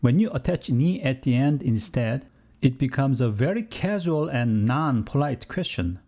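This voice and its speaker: A man's voice: mid-range voice, animated, moderate pace, warm tone. A man giving a scripted language lesson, explaining steadily with the odd joking aside. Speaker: language teacher.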